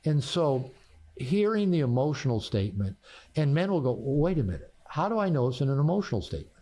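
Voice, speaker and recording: A man's voice: fairly high pitch, big pitch swings, brisk, warm tone. An older man, a therapist and author, telling personal stories in a podcast conversation, repeating words as he restarts and laughing at his own punchlines.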